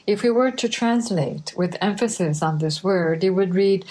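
A woman preaching a sermon, reading scripture in a measured, deliberate way. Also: mid-range voice, a little mellow, rough recording.

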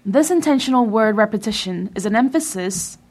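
A woman reading a translated sermon in a measured way, with emphatic pauses. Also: medium pitch, animated, a little mellow. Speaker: sermon reader.

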